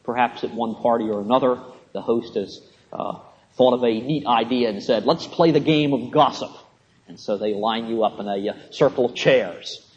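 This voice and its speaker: A man giving a classroom lecture in a measured, halting way, with frequent pauses and a dry sense of humor. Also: mid-range voice, fairly even intonation, darkish tone, highs cut off.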